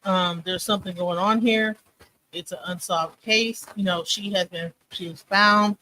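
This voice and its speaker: A woman's voice: mid-range voice, steady tone, unhurried, sharp tone, a little hiss or hum, rough recording. A woman co-hosting a live commentary stream, talking casually and rambling, often checking in with "you know what I'm saying.".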